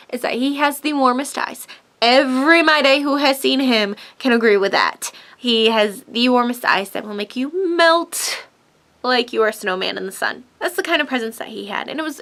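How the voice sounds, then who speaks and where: A woman vlogger tells a personal story in a chatty, gushing way. Her voice sits high, and she laughs often as she talks. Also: a bit bright.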